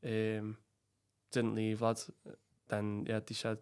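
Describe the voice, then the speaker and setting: Flat-voiced Scouse young man recounting loss. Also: lowish voice, takes it slowly, clear, resonant tone. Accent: Liverpool Scouse. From England. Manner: blunt, swears often, calls the listener "lad". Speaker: podcast guest. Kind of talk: emotional storytelling.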